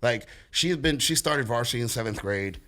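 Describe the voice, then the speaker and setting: A young man from New York, a podcast guest, talking in an animated, slangy way and swearing freely. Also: mid-range voice, normal speed. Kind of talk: casual chat.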